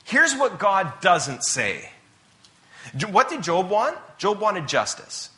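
Guy preaching casual, chatty, bright kinda high voice. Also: wildly swooping pitch, slow pace. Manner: conversational, chatty asides. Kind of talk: casual sermon.

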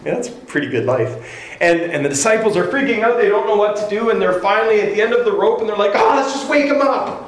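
A man preaching a sermon, conversational and animated, often repeating words as he tells stories. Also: sits high, quick pace. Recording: roomy hall echo, faint ambience.

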